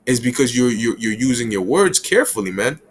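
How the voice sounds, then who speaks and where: A man giving a conversational Bible lesson in casual street slang, breaking into quick little acted scenes. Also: medium pitch, expressive, a little hiss or hum. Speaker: bible teacher.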